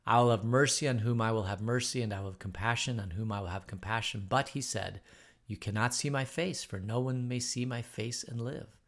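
A man's voice: medium pitch, fairly even intonation, a little fast, fairly bright tone. A man leading a Bible study who reads scripture, teaches informally with frequent ums, and closes in prayer. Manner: informal, hesitant, many ums.

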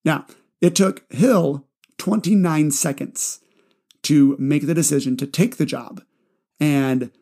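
Gravelly man telling a story. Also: on the high side, slow pace. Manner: relaxed, chatty, with fillers. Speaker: self-help storyteller and host. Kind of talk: casual storytelling and advice.

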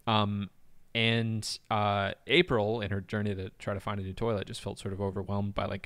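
A man's voice: on the low side, flat delivery, a little fast, a bit bright, no echo. A man hosting a podcast in casual chat, retelling a story with frequent laughs and fillers. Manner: chatty, laughs often, many fillers. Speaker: podcast host.

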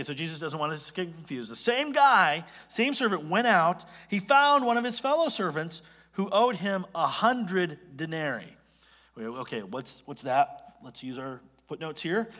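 High, bright-voiced preacher in a reverberant hall. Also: male voice. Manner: animated, conversational asides while explaining scripture. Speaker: pastor. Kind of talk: expository sermon.

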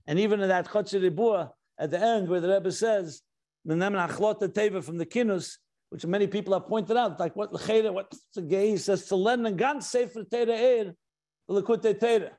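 Male rabbi, high voice, lecture delivery, emphatic on key terms, reads texts aloud. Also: normal speed, mellow. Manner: explanatory, stressing key words, mixing in Hebrew and Yiddish terms; reads quoted passages aloud. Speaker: rabbi teaching a class. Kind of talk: Torah lecture.

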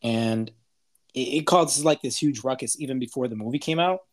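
A man co-hosting a podcast, talking excitedly and casually about a film. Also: medium pitch, moderate pace. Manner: enthusiastic, excitable, says dude. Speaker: podcast co-host. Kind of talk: casual chat, movie review.

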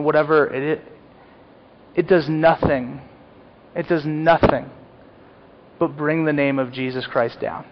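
A man preaching a sermon in an earnest, confessional way, rising to emphatic peaks. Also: on the high side. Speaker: pastor. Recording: dull lo-fi sound.

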